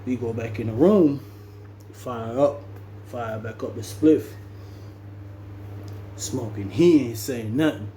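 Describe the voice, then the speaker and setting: A man's voice: medium pitch, takes it slowly, pauses often, warm tone, slight background noise. Slangy man telling a story. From Jamaica. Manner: slangy, conversational, loose and rambling. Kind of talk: casual storytelling.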